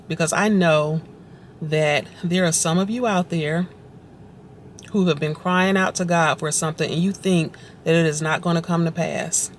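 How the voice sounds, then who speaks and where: A woman's voice: lowish voice, slight background noise. A woman vlogger telling her personal faith story in a conversational, reflective way, often repeating phrases for emphasis. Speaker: vlogger sharing her testimony.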